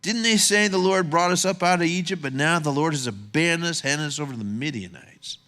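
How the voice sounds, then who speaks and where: Gideon, a whiny young nobody, as a preacher puts him on. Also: male voice, a little high, brisk, sharp tone. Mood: doubtful. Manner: complaining, self-pitying. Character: timid young man, Gideon, whining about being a nobody. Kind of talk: sermon storytelling.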